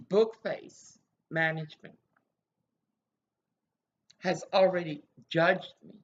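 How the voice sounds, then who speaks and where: A woman's voice: deep voice, dull audio, a little hiss or hum. A woman ranting angrily and bitterly in a rambling monologue that jumps between accusations.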